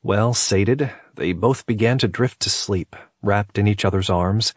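A man reading a romance novel aloud as narrator, calm and even. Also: fairly low pitch, measured pace, few pauses, no room sound, studio quality. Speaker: audiobook narrator.

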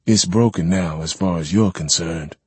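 A man voicing an ancient, controlling man speaking in a measured, weary way in a story reading. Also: sits low, a little mellow, slightly rough, dry recording. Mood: earnest.

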